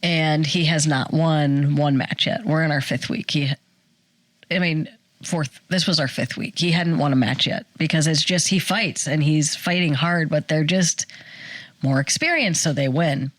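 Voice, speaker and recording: A woman in her forties, a podcast co-host telling a personal story in casual chat, animated and acting out the quotes. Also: sits low, no echo. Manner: animated storyteller, acts out quotes, fast bursts.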